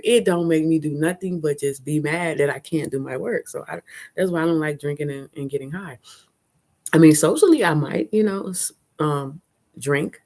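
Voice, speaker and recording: A chatty woman talks candidly to her live-stream viewers. Her voice sits low for a woman, and she laughs often as she goes. She is recorded outdoors on a phone held at arm's length. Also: moderate pace, a little mellow. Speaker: vlogger hosting a live stream. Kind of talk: casual live-stream chat. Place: outdoors at a fair.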